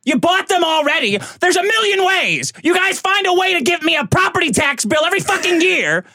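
High bright-voiced guy in his 40s, sardonic podcast host, swears a lot, dry sound. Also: fairly quick, no echo. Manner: sardonic, swears often, animated storytelling. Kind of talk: casual chat.

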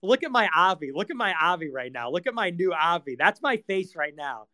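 A man's voice: high voice, sing-song, a little fast, pushed and bright, poor audio. A man hosting his own live talk, ranting sarcastically and swearing often, mocking others in whiny voices. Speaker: streamer hosting live audio spaces. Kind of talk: casual monologue.

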